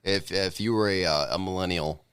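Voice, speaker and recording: A man co-hosting a movie podcast, animated and swearing, with lots of "like" and "uh". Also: low-pitched, normal speed, clean tone, no echo, studio quality. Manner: animated, swearing, full of fillers. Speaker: podcast co-host. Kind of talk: casual movie review chat.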